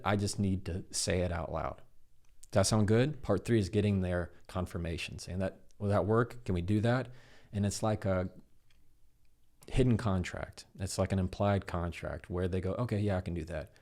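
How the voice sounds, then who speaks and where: Casting note: man, low voice, animated explainer who acts out quoted dialogue, interview guest. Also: normal speed. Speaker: guest, communication expert. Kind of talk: conversational interview.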